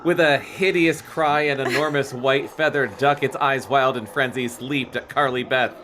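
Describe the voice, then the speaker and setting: A man's voice: mid-range voice, moderate pace, background noise. A man co-hosting a comedy podcast, reading a book aloud with jokes and goofy sound effects. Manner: animated, joking, wide swings in voice. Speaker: podcast co-host and reader.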